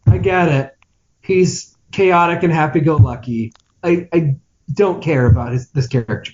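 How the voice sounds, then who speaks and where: Sardonic high-voiced man on a dull mic. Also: moderate pace. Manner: sardonic and dismissive, trailing off into low grumbles. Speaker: podcast co-host. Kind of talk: casual movie-review chat.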